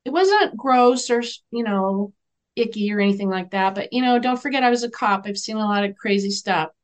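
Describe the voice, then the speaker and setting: A woman who works as an animal communicator tells a story as a guest on an interview show, earnest and gentle, acting out the dialogue. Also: medium pitch, a little fast. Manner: animated, acts out the dialogue in her stories.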